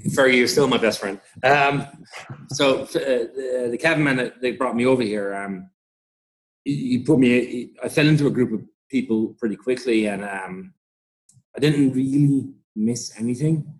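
A man's voice: medium pitch, moderate pace. A middle-aged Irish man telling rambling stories in a casual interview, swearing freely and laughing often. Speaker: interview guest, rugby club founder.

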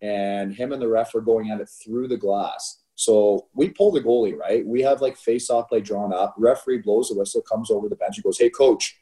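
A middle-aged man with a low, mellow voice tells stories in a relaxed chat. His delivery is animated, and he keeps checking in with "right?" as he goes. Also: moderate pace, hardly any pauses. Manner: animated storyteller, laughs through anecdotes, frequent "right?". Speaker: youth hockey coach, podcast co-host. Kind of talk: casual storytelling chat.

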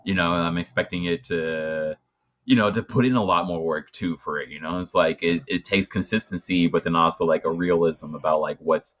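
A man's voice: low voice, steady tone, moderate pace, fairly bright tone. A man hosting a podcast, chatting loosely with lots of fillers. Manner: loose, filler-heavy talk. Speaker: podcast host. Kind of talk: casual podcast chat. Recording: dull lo-fi sound.

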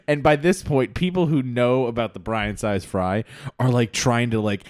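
A man's voice: mid-range voice, normal speed, a little mellow, dry recording, studio quality. A man co-hosting a podcast, improvising a comic story, laughing often and rambling.

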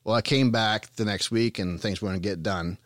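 Canadian guy rambling thru farm stories, low voice, dry close sound, folksy and jokey. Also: normal speed, fairly bright tone, dry recording. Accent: Eastern Canadian. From Ontario, Canada. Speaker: farm business consultant, podcast guest. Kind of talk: casual storytelling.

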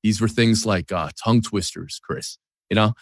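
A man's voice: on the low side, steady tone, normal speed, no echo, studio quality. A man in his forties from the New York area, a sports TV host talking candidly and self-deprecatingly in a podcast conversation.

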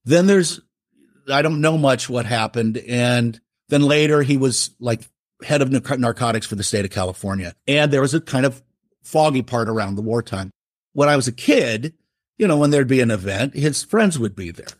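A man's voice: medium pitch, lively intonation, normal speed, no echo, clean studio sound. A middle-aged man, a writer, telling a family story in a casual, rambling way. He interrupts himself often and acts out what others said.

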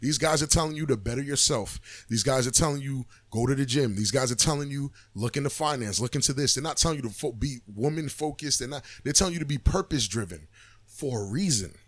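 A man co-hosting a podcast, talking bluntly and with plenty of swearing, telling stories in a casual, animated way. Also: medium pitch, fairly quick, dry recording. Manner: blunt, profane, animated storytelling. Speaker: podcast co-host.

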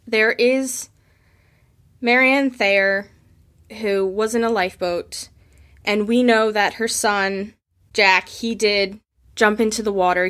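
A woman with a medium-pitched, fairly bright voice tells history stories in a casual, emotional way. She acts out the voices of the people she quotes as she spins her spoken history tales.

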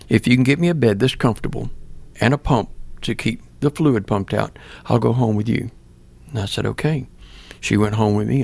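A man's voice: medium pitch, creaky, a little mellow, no room sound. An older man, a pastor, earnestly telling a personal story in plain words during an interview. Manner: plain-spoken, earnest, acts out remembered dialogue.

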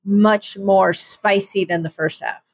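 A woman co-hosting a podcast in casual chat, telling stories in an animated, self-mocking way. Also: medium pitch, slow pace, slightly rough, dry recording. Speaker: podcast co-host.

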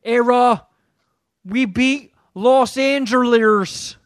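A man mimicking a loud, obnoxious male sports fan, in brash, boastful shouts. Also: very high-pitched, drawn-out words, no room sound, clean studio sound, voice pushed up, heavily acted.

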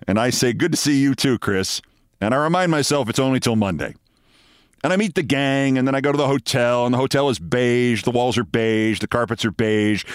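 A man's voice: medium pitch, clean tone, no echo. A man in his sixties telling a long personal story as podcast host, wry and dry, acting out the quoted lines. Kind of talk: storytelling monologue.

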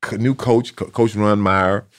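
A man, a guest telling stories in a relaxed way and repeating words as he goes. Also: lowish voice, unhurried. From Texas. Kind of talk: casual storytelling.

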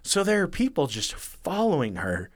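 A man's voice: on the high side, wildly swooping pitch, normal speed, dry recording, clean studio sound. A man retelling a story in casual, profane chat, acting out the lines of the people in it. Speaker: podcast co-host retelling a true story.

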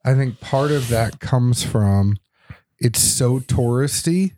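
A man's voice: medium pitch, slow pace, mellow, slight background noise. Man from the Boston area, middle-aged, chatty storyteller, easygoing podcast talk. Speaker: podcast guest. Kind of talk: casual podcast chat.

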